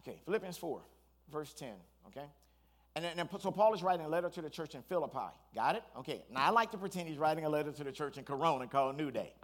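A man, a pastor, preaching a sermon in an animated storytelling way, with asides and restarts. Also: a little high, fast talker.

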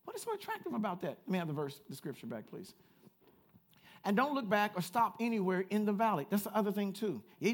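A man preaching a sermon as pastor, swinging from quiet asides to loud repeated calls and chatting with the congregation. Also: high voice, big pitch swings, quick pace. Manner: chatty with the congregation, laughs at himself. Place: church.

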